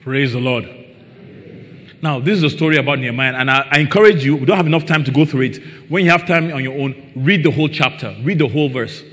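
A man's voice: medium pitch, fast, a bit bright. A man preaching a sermon, often asking his listeners rhetorical questions. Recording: long reverb in a large hall.

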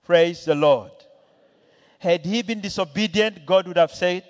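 High-voiced preacher in a reverberant hall. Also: male voice, unhurried. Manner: storytelling preacher, voicing Bible characters and asking the church. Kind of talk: sermon. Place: church hall.

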